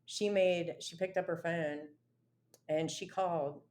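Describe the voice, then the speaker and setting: A woman's voice: on the low side, fairly even intonation, takes it slowly, darkish tone. A woman guest telling her own recovery story in an interview, in a casual, earnest and emotional way, with many fillers and restarts.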